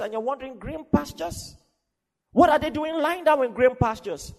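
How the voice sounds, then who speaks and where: A man preaching a sermon with fervour, swinging from shouted declarations to soft, laughing asides. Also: very high voice, moderate pace. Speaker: pastor. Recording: long reverb of a large hall.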